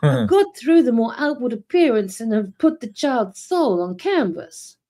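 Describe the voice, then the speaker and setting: A woman's voice: a little high, sing-song, unhurried, mellow. A woman voicing a worried young male painter in a comic novel read aloud, pleading and fretful. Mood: anxious.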